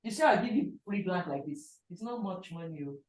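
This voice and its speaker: A woman teaching a sublimation printing class, animated and emphatic, sometimes dropping to a hush. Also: fairly quick. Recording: echoey classroom, low-quality mic.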